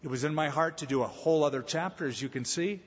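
A man's voice: a little high, quick pace, breathy edge. A man preaching a sermon as pastor, telling a humorous story before making his point. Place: church sanctuary. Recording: echoey hall, slightly dull sound.

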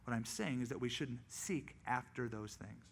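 A male pastor preaching a sermon, acting out quoted voices in lively storytelling. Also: medium pitch, normal speed, vocal fry, slight background noise.

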